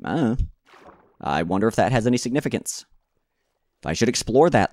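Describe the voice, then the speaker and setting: A man's voice: medium pitch, sing-song, fairly quick, long pauses, darkish tone, no echo. A man casually commentating his own gameplay, rambling and talking to himself, with frequent stammered restarts and jokey self-mocking asides. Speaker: gaming channel host.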